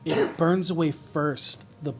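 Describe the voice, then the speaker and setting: A man narrating a tabletop game as game master, describing scenes slowly and thoughtfully with pauses. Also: fairly high pitch, steady tone, music in the background.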